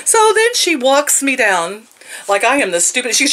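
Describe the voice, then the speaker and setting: A woman's voice: high voice, big pitch swings, normal speed, sharp tone. A woman in her sixties telling a story in a casual rant, sarcastic and laughing often. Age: 60s. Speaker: vlogger.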